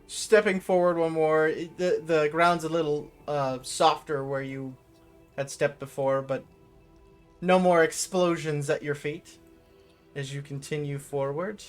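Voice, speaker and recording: A man narrating a tabletop game as dungeon master, unhurried and full of fillers. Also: fairly high pitch, steady tone, clear, resonant tone, faint music behind.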